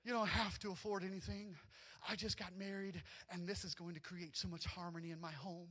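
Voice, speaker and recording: A man with a high, bright voice preaching a sermon. He tells personal stories with lively, animated energy and often climbs almost to a shout. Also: a little fast. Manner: animated storytelling, often rising to near shouts, with laughs. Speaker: pastor.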